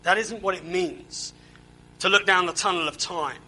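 Bright-voiced man preaching a sermon. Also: high-pitched, normal speed, slight background noise, low-quality recording. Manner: conversational preaching with rhetorical questions and repeated words. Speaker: pastor.

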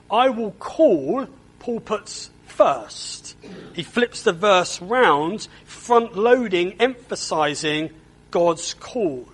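A man preaches a sermon with a high voice, pacing his words slowly and deliberately. He sounds earnest and doubles back on words as he presses each point home. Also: a bit bright, low-quality recording. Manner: earnest, repeats words when stressing a point.

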